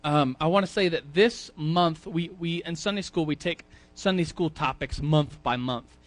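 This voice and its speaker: A man teaches a Sunday school class at church in the manner of a casual sermon, often repeating words and putting questions to the audience. His voice is a little high and his pace moderate.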